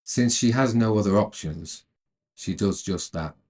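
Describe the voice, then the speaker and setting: A man narrating a retelling of a film's plot in a calm, measured way, then adding his own commentary. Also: on the low side. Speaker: storyteller retelling a film.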